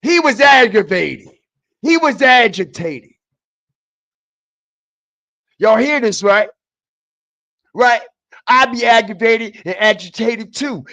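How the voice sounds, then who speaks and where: A man with a very high-pitched voice delivers a profane, confrontational rant to his stream audience. He speaks slowly and deliberately, hammering each point home and repeating it, dropping to low muttering and then rising to shouts. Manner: repetitive, emphatic, often repeats phrases. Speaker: streamer commentator. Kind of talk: heated profane commentary.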